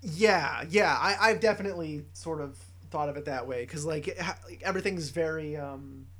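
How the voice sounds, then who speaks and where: A man's voice: on the high side, normal speed, fairly bright tone. A man co-hosting a podcast in casual chat, rambling loosely and laughing often. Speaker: podcast co-host.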